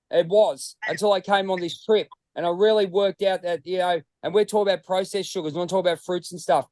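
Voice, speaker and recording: A high-pitched Australian man chats on a podcast in a loose, rambling way, dropping "mate" into almost every line and swearing easily. His voice sounds dry and close, with almost no room around it. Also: a little mellow, dry recording. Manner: rambling, says "mate" constantly, swears freely. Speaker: podcast co-host. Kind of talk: casual podcast chat.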